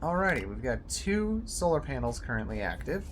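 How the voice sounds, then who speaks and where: A man giving casual commentary while playing a game, chatty and talking to himself, now and then jumping up loud and high when excited. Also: normal speed, background noise. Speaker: gameplay video host.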